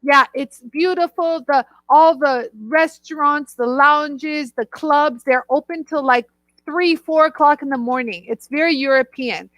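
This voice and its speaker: A woman from Los Angeles co-hosting a casual chat show, telling animated stories and reading viewer comments aloud. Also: high voice, measured pace, dry recording. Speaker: co-host. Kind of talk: casual live-stream chat.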